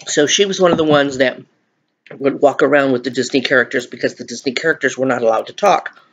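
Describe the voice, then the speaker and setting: A man's voice: mid-range voice, fast talker, a bit bright, breathy edge, muffled recording. A middle-aged man in a chatty eating vlog, rambling and laughing as he talks to viewers. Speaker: vlogger. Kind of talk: mukbang chat, eating on camera.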